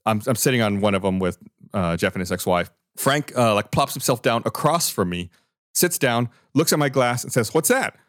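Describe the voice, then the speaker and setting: A man's voice: on the low side, moderate pace, no room sound, clean studio sound. A man co-hosting a podcast, telling stories in casual chat and getting heated over old grievances. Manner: animated storyteller, gets heated retelling grievances. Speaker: podcast co-host. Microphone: studio mic, remote recording.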